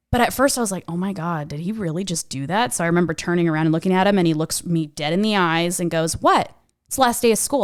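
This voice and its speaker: Young woman, podcast co-host, frank animated storytelling, mid-pitched voice, dry close sound. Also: clear, resonant tone, dry recording. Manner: animated, frank, swears and laughs while telling a story. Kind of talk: casual personal storytelling.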